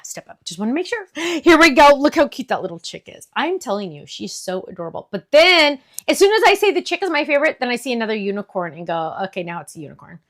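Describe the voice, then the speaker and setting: A middle-aged woman hosts a craft product demo with a slightly high voice. She gushes over each item, bright with enthusiasm as she shows it off. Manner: gushing, enthusiastic. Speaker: craft shop host.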